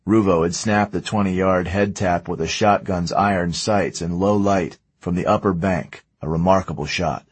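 Low husky male narrator. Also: steady tone, moderate pace, few pauses, no echo. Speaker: audiobook narrator. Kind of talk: scripted narration.

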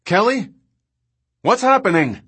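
A man's voice: high voice, big pitch swings, a little slow, a bit bright, husky, voice pushed up, heavily acted. A man reading an audiobook, voicing a worried man calling urgently over a radio. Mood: anxious. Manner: urgent, anxious.

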